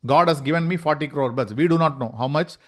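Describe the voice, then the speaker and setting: A man's voice: on the high side, fast. Man teaching a yoga lecture. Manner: explains with rhetorical questions and repetition. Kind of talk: online lecture.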